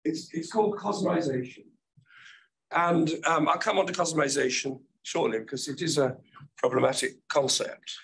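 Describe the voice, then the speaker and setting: An older man giving an academic keynote lecture, his voice croaky and gravelly, speaking thoughtfully with hesitant restarts. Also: a little high, fairly even intonation, normal speed, a bit bright, poor audio.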